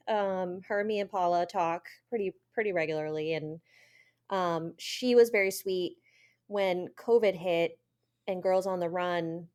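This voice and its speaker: A woman's voice: medium pitch, darkish tone. A woman runner who is a guest on a podcast, telling stories in casual chat with frequent ums. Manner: chatty storyteller with frequent ums and laughs.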